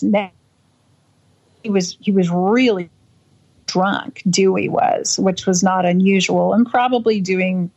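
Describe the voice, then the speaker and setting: A woman interviewed about a childhood memory, talking in halting bursts with many restarts and acting out the voices she quotes. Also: medium pitch, a little mellow. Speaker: interview guest. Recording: dull lo-fi audio.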